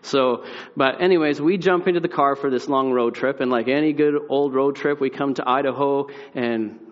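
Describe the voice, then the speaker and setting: A young man preaching a sermon, telling a family story with lively acted-out voices and sliding into quiet, earnest reflection. His voice sits at an ordinary pitch, sounds slightly muffled, and rings out in a big reverberant hall. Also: moderate pace.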